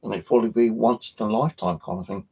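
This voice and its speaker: A man's voice: fairly low pitch, fast talker, warm tone, breathy edge. A man hosting a paranormal channel, chatting casually on a livestream, rambling with lots of fillers and casual swearing.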